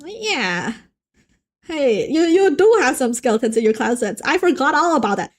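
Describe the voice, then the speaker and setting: A young woman hosting a casual art stream, bantering with her viewers in a playful, animated way. Her voice sits high and swings widely in pitch. She often stumbles and restarts mid-sentence as she talks and draws. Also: moderate pace. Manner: playful and animated, joking with chat, frequent restarts. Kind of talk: casual live-stream chat while drawing.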